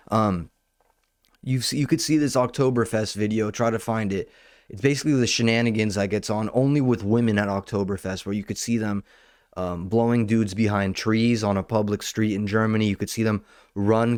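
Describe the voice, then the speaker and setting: A young man with a lowish voice hosts a podcast from his home kitchen, casually spinning a profane, meandering and lively tale about working the door at a club. The sound is studio quality with no room sound.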